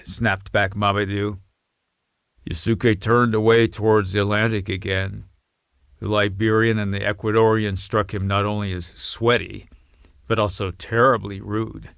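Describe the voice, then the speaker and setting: A man narrating a novel as an audiobook in an even, understated reading. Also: on the low side, unhurried, vocal fry, smooth, dry recording, clean studio sound.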